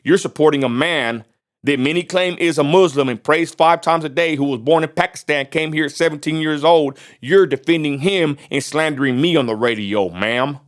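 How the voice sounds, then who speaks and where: A man's voice: fairly high pitch, moderate pace. A man from Texas, delivering a confrontational vlog rant that repeats its points and fires off rhetorical questions. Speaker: vlogger. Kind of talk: confrontational direct-to-camera rant.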